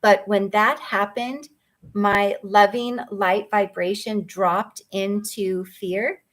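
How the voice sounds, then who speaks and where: Woman coach, gentle and earnest, mid-pitched, personal storytelling with casual ums. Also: steady tone, slow. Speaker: mindfulness coach.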